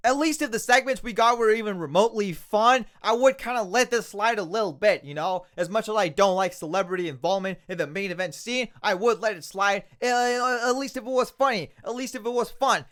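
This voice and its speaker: A man's voice: high-pitched, expressive, brisk, few pauses, fairly bright tone. A man reviewing a wrestling show in a ranting video, exasperated, firing off repetitive rhetorical questions.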